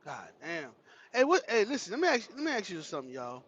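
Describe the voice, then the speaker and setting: Talking fast in a high, slightly rough voice, a livestream host tells his chat a funny childhood story, laughing and cursing in an animated, profane manner. The highs in the audio are cut off.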